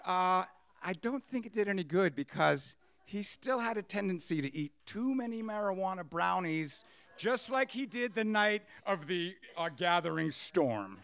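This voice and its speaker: Man, storyteller, high pitch, raspy fry, animated, close dry sound. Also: dry recording. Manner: animated, acts out quotes with laughs. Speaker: storyteller on stage. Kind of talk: live personal storytelling.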